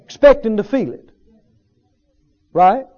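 Taking his time, a male preacher with a mellow, high voice gives a sincere teaching sermon at a church service, his intonation lively. Repetition and rhetorical questions run through it, captured on a dull, lo-fi recording.

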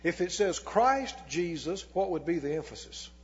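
High-voiced, husky preacher in a reverberant hall. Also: male voice, expressive. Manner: asks the congregation questions and answers them himself; reads scripture slowly and deliberately. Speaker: pastor. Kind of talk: sermon. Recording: long hall reverb, dull lo-fi sound.

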